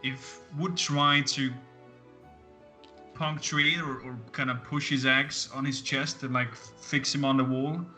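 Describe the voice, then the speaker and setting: Man, player, sharp bright voice, halting narration of actions. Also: medium pitch, steady tone, faint music behind. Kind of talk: casual tabletop role-play. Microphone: headset over voice call.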